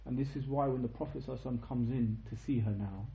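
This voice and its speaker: A young man giving an informal religious lecture, telling a story with lively asides and checking questions to his listeners. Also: medium pitch, racing, reverberant, low-quality recording. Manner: animated storytelling, tag questions, quotes in Arabic. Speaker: teacher of a history lesson.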